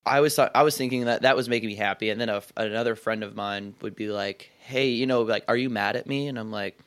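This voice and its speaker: In a casual chat, this young man muses aloud, restarting often and saying "like" constantly. He talks at a quick pace with a fairly low pitch and a fairly bright tone.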